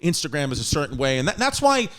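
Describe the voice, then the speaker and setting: A man in his thirties with a New York accent, hosting a podcast in casual, profane, animated chat and laughing often. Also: a little high, fast talker. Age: 30s. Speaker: podcast host.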